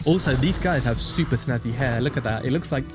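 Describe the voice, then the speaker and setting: A man's voice: mid-range voice, fairly quick, music in the background. Chatty man commentating a speedrun. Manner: chatty, joking, explains game tricks. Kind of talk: live gameplay commentary.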